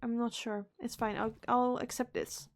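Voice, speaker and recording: Female streamer, higher voice, playful running commentary with whispered asides. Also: level tone, moderate pace. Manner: playful, chatty self-talk while playing; repeats words and whispers asides. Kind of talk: live gameplay commentary.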